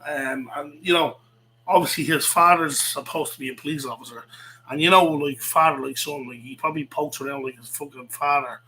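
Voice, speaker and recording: Man, bright edgy voice, rambling profane rant, faint hum behind. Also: on the high side, brisk, poor audio. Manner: profane, rambling, many fillers and restarts. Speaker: vlogger.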